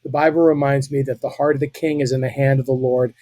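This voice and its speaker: An American man in middle age talks with earnest passion on a podcast. His voice is husky and the sound is dry and close, with little room echo. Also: mid-range voice, level tone, quick pace, warm tone. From United States. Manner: earnest, impassioned, with frequent restarts. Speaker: podcast guest. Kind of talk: political commentary in a podcast conversation.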